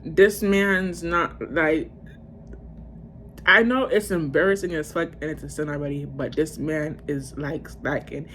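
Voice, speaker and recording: A woman in her twenties telling a storytime tale to her viewers in a casual, profane, rambling way, breaking into loud outbursts. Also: deep voice, unhurried, a little hiss or hum. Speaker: vlogger.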